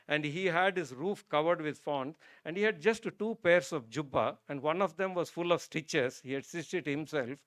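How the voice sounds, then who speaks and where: A man's voice: a little high, no room sound, studio quality. A man from India giving a public talk on religion, telling a story that moves him and then building to emphatic points. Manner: storytelling, grows emotional and soft. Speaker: guest speaker. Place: auditorium stage.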